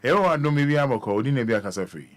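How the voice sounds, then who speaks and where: A man's voice: medium pitch, lively intonation, quick pace. A man with a Ghanaian accent hosting a radio phone-in from the studio, mixing Twi and English in short prompts to callers. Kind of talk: radio call-in chat.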